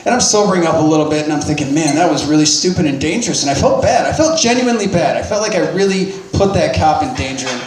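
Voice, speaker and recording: High-voiced man telling a wild story. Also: lively intonation, fast, hardly any pauses, reverberant, a little hiss or hum, low-quality recording. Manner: profane, self-deprecating, rambling with restarts. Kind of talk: personal storytelling.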